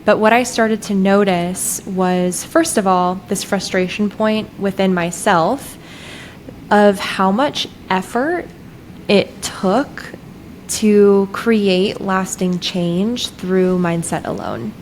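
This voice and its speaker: A woman guest, a breathwork facilitator, telling a personal story in animated, conversational speech full of "like" fillers. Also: mid-range voice, slow pace, a little hiss or hum, rough recording.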